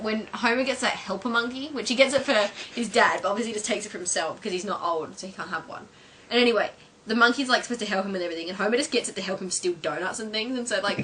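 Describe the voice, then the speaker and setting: A woman's voice: mid-range voice, pushed and bright, slight background noise. A woman vlogging at home while her sister films her, chatting and giggling as she retells favourite scenes, with lots of fillers.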